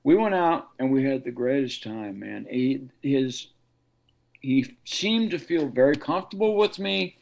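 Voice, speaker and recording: A man's voice: mid-range voice, measured pace, gravelly, rough recording. A man, a guest guitarist, telling stories in a casual interview and acting out the voices of people he quotes. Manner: animated storyteller, acts out quoted voices.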